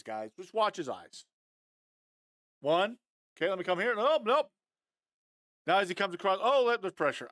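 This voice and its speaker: A man breaking down football game film on a live stream, animated and fired up, talking straight to his viewers. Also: sits high, no echo, clean studio sound. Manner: addresses viewers as guys, often adds okay.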